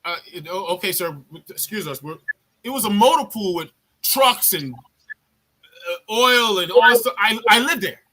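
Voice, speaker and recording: A man with a high, bright, forceful voice tells war-era army stories in a loose, profane chat style. He jumps into other people's voices as he goes, animated and blunt. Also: a little slow, a little hiss or hum. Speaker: army veteran telling a story. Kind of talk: casual storytelling on a live chat.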